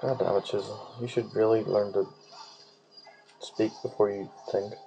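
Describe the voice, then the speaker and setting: Man, casual let's play commentary, rambling, swears a lot, hums nonsense tunes, dark mellow voice. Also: fairly low pitch, fairly even intonation, a little slow, gravelly, poor audio.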